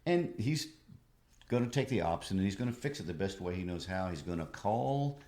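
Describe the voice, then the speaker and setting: A man's voice: low voice, lively intonation, brisk, dark tone, roomy sound. A man co-hosting a literature podcast, reading quotes aloud and discussing a play. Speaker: podcast co-host.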